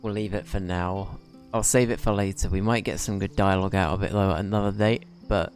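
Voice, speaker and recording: Man, streamer, casual gameplay chat, relaxed, lowish voice, desk mic, game music. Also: brisk. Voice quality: relaxed, chatty, laughs often.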